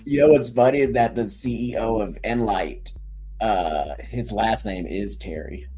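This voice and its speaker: A man's voice: on the low side, unhurried, mellow, slightly rough, faint music behind. A man co-hosting a live podcast, telling dry, wry stories with casual swearing. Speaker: podcast co-host. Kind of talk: casual live-stream chat.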